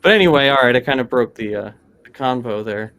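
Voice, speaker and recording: Halting man hosting a casual panel. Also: mid-range voice, expressive, fairly bright tone, clear, resonant tone. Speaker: stream host. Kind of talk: casual livestream panel chat. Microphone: video call.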